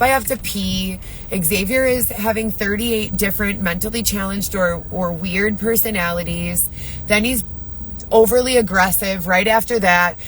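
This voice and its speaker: A woman's voice: mid-range voice, a bit bright, a little hiss or hum, low-quality recording. A woman ranting on a live video in a distressed, rambling way, swearing often. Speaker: livestreamer. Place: Chicago.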